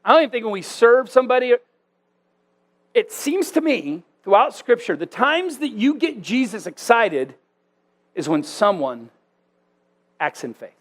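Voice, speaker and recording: High voiced guy preaching, lively swoopy delivery, chatty pastor vibe. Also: unhurried, long pauses. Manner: animated, conversational preaching with self-deprecating asides. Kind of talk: sermon.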